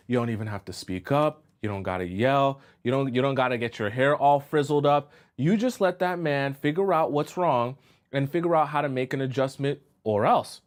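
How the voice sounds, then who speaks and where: Animated male dating coach on a live stream. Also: mid-range voice, normal speed. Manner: emphatic, keeps asking "right?" and "okay?".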